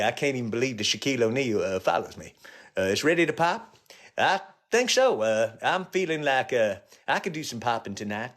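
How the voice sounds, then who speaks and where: A middle-aged male comedian riffing crude jokes to viewers on a phone live stream, dropping to low mutters and jumping to high yelps.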